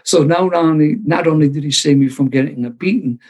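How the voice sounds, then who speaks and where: A man's voice: on the high side, fairly quick, darkish tone, husky. An older man, telling his recovery story at a sober meeting with self-deprecating humor. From Philadelphia.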